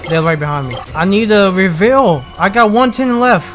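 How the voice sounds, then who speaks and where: A man giving excitable commentary on his game playthrough, yelping and pleading as things go wrong. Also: high voice, normal speed. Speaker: gamer. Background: game music.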